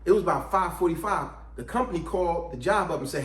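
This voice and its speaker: A man telling a story in a casual, animated, chatty way. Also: fairly high pitch, fast talker, few pauses, reverberant.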